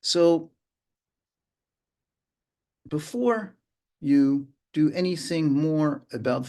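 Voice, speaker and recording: A man teaching a mindfulness lesson, speaking slowly with frequent pauses and sometimes humming or sounding out rhythms. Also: a little high, a little mellow. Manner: unhurried, pauses often, hums and vocalizes rhythms to illustrate. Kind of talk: slow, reflective lesson.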